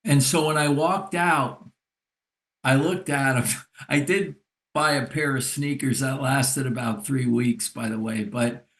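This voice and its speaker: An older man, a therapist and recovery mentor, telling a story in a relaxed podcast conversation. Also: medium pitch. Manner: unhurried, reflective storyteller. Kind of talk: casual storytelling in a podcast discussion.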